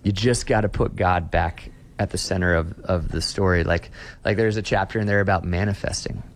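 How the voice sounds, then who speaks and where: A man's voice: deep voice, steady tone, normal speed, slight background noise. A man in his thirties, a pastor, speaking earnestly in an interview and often repeating words as he starts a phrase. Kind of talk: conversational interview answers.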